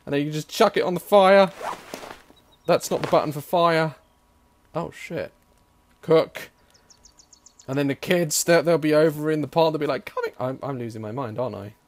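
A young man giving jokey gameplay commentary; excitable, with frequent swearing. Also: fairly high pitch, normal speed, long pauses. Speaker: gaming YouTuber.

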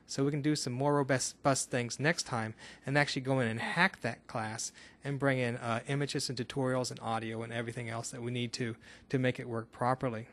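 A man's voice: mid-range voice, a bit bright. A man from Northern Kentucky in the US, explaining a screencast coding tutorial step by step in a casual way. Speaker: instructor.

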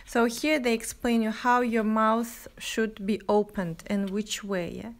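Slow, hesitant woman teaching French. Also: a little high, steady tone. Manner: slow, hesitant, many "uh" and "yeah?" checks; reads French examples aloud and translates. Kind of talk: language lesson, book review.

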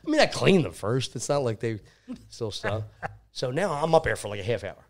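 Animated man telling a wild story. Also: mid-range voice, normal speed. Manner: laughing, animated anecdote teller, swears often. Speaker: podcast guest. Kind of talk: casual storytelling.

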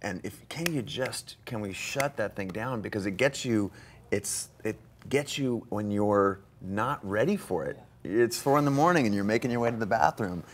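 A man hosting a live studio interview, talking enthusiastically with quick asides. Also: on the low side, expressive, a little hiss or hum. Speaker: host.

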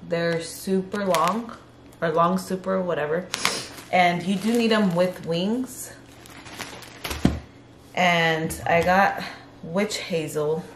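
A young woman chats casually through a home vlog while heavily pregnant, audibly out of breath. Her voice sits slightly low, and she rambles and corrects herself as she goes. The room sounds roomy, with a faint hiss underneath. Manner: chatty and rambling, self-correcting. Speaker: vlogger.

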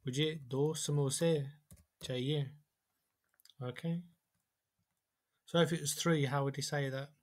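A man giving a whiteboard language lesson. He sounds out example phrases slowly and carefully. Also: on the high side, fairly even intonation. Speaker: language teacher.

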